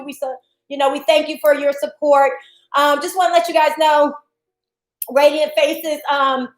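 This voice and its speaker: A woman's voice: sits high, echoey room, poor audio. A woman hosting a livestreamed beauty and self-love show, bubbly and a little winded, greeting viewers by name with frequent laughs. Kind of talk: casual livestream chat. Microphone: device streaming to social media.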